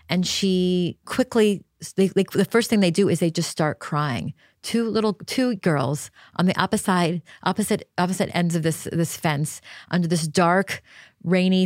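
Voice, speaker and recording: A woman's voice: fairly low pitch, no room sound, clean studio sound. A woman guest on a podcast, retelling a story vividly with many "you know" fillers.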